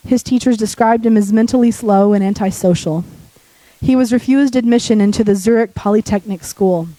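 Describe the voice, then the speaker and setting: A woman preaching a sermon in a church while sick, her voice deepening, talking conversationally and joking with the congregation. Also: mellow, dry recording, low-quality recording.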